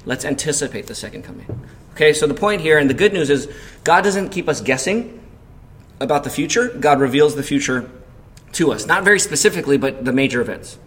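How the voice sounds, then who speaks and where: This pastor speaks briskly, his voice on the high side with lively intonation. Sharing a personal story conversationally, he asks the congregation questions and loudly acts out panic in quotes.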